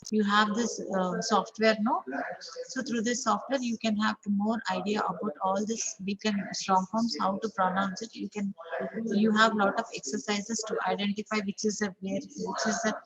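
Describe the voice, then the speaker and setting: A steady-toned, mid-range voice at normal speed belongs to a woman with an Indian English accent teaching an online English class over a video call. She repeats example sentences and says "okay" a lot, and the poor audio includes crowd chatter behind her.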